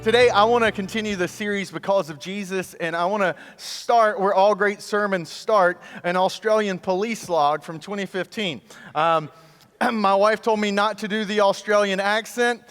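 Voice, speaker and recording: A man's voice: sits high, normal speed, clean tone, faint music behind. A man giving a sermon as guest pastor, telling stories with humor and joking with the congregation. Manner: animated storytelling, jokes with the crowd. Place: large church auditorium. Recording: long hall reverb.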